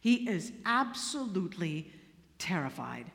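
Female preacher, bright, expressive, drops to a hush then gets emphatic, long echoing reverb. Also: on the low side, a little slow, vocal fry. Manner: expressive, swings from hushed to emphatic. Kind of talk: sermon.

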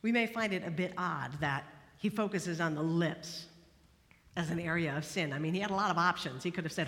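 A woman preaching a sermon, expressive, moving between hushed, slow passages and emphatic ones. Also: fairly low pitch. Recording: long hall reverb.

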